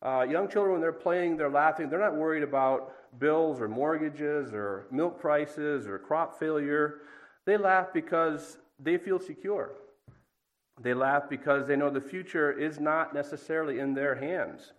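A man's voice: a little high, unhurried, rough recording. A middle-aged man reading a passage of scripture aloud, then giving a plain, conversational devotional talk with a dry aside now and then. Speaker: preacher.

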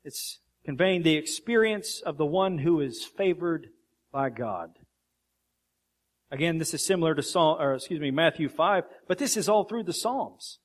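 A man's voice: on the high side, animated. Earnest male pastor preaching. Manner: earnest preaching, reads scripture aloud with slow emphasis. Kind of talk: sermon.

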